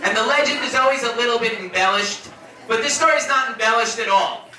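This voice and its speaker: Animated man telling stories at a memorial. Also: very high voice, brisk. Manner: animated, laughing storyteller who swears freely. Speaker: friend giving a eulogy. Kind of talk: memorial speech, casual storytelling. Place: room at a memorial gathering. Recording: echoey room, distant mic, crowd.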